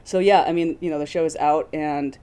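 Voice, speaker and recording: A woman's voice: deep voice, steady tone, fairly quick, warm tone, clean tone. A woman speaking as a guest on a podcast, effusive and emotional, laughing often as she talks. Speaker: guest producer. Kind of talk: casual podcast conversation.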